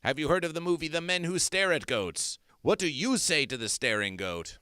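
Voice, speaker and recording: A man's voice: a little high, expressive, moderate pace, sharp tone, clean tone, no room sound, clean studio sound. A man hosting an absurdist comedy stream, talking in a theatrical, repetitive, chanting way. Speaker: host.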